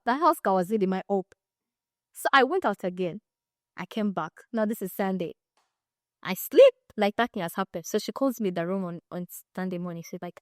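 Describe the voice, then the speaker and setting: A young Ugandan woman co-hosting a podcast, telling a story in a casual, animated way and acting out the other people in it. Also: mid-range voice, a little fast, no room sound, studio quality. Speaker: podcast co-host.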